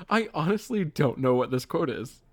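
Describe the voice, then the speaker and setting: Woman co-host, lively pitch, laughing, quick to quote lines. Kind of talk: casual chat.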